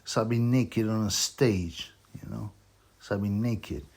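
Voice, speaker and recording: A husky-voiced man rambles through a casual boxing commentary, a little drunk and talking slowly. His voice sits low, and he fills his talk with ums and you-knows. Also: darkish tone. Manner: rambling, slow, with many fillers. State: tipsy from drinking. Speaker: boxing vlogger.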